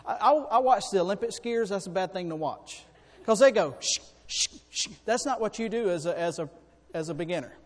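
Male preacher, high voice, folksy storytelling, long reverb from a church hall. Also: fairly quick, few pauses. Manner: folksy, animated storytelling with sudden loud bursts. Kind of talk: sermon with personal stories.

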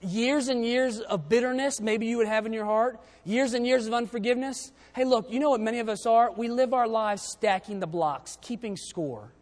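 Male preacher, fairly high voice, church sermon mixing scripture reading with plain talk, long hall echo. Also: normal speed, hardly any pauses. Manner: reads King James verses aloud, then explains them conversationally.

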